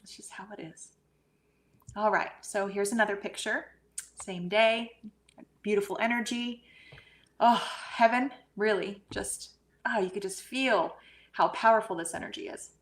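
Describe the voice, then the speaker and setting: A woman talking in a relaxed, gushing way about pictures and energy, speaking over a remote call. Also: medium pitch, a little slow. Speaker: guest medium. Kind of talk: casual podcast chat.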